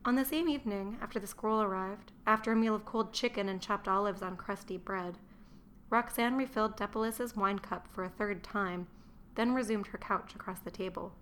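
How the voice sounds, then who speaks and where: A woman reading a historical novel aloud, measured and dry. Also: medium pitch, fairly bright tone, slight background noise. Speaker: narrator. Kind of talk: audiobook narration.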